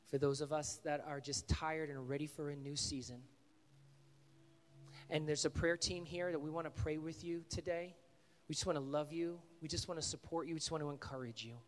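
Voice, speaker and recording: Earnest preacher man in echoing hall. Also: a little high. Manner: earnest, conversational storytelling. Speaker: pastor. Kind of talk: sermon with altar call. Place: church sanctuary.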